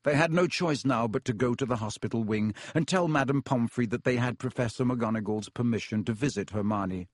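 Brief: male audiobook narrator, mid pitch, measured, dry close mic. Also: no room sound. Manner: measured storytelling. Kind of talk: scripted narration.

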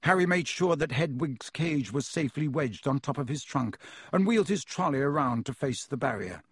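A man reading a storybook aloud in a measured, vivid narration. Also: fairly high pitch, lively intonation, breathy edge, dry recording, studio quality. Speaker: audiobook narrator.

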